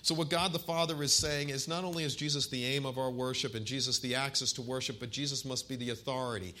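A man in his forties preaching a sermon, asking his listeners questions and slowing down to stress key phrases and scripture. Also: mid-range voice, fairly even intonation, sharp tone. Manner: asks the congregation questions directly. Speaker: pastor.

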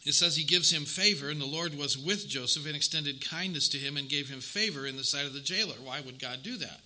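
A male preacher delivers a sermon in a strikingly bright, somewhat high voice. He speaks earnestly and emphatically, repeating words to hammer them home and lifting his voice on the phrases that matter. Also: a little fast, low-quality recording. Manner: earnest, emphatic, with repetitions and rising stresses.

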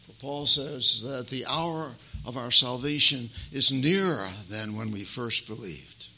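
An older man preaching a sermon as pastor, emphatic and folksy, swinging between loud stresses and soft asides. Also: mid-range voice, a little slow, poor audio. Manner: addresses listeners as beloved, folksy asides.

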